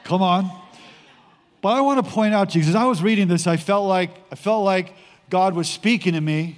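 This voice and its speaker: A male pastor preaching a sermon to his congregation, animated and rallying the crowd in a church sanctuary. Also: high voice, a little fast. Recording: long hall reverb.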